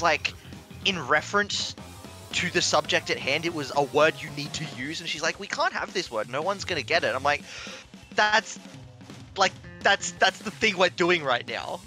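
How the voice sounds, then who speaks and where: A man telling a long personal story in casual chat, animated, swearing and laughing as he goes. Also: a little high. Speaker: stream commentator.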